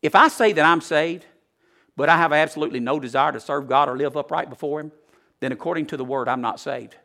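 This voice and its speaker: A male preacher, giving a folksy sermon that swings from loud to hushed. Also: on the high side, fast talker, gravelly.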